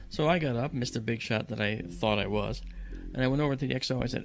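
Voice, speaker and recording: Gravelly-voiced man telling a tense story. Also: mid-range voice, fast, a little hiss or hum. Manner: animated storyteller who acts out quoted voices. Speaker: guest recounting a personal story. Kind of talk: storytelling in conversation.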